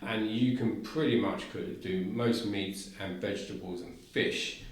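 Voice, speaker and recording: A man's voice: on the low side, measured pace. A man with a South London accent, talking enthusiastically as a podcast guest and often restarting his sentences. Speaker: guest, cooker company representative. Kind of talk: casual podcast conversation. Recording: very echoey room.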